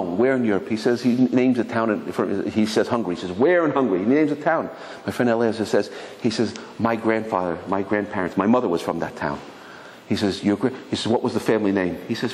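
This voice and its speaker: A man, a rabbi, telling a story to his congregation in a lively sermon style, acting out the voices of the people in it. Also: lowish voice, a little hiss or hum. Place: synagogue hall. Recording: long hall reverb, faint ambience.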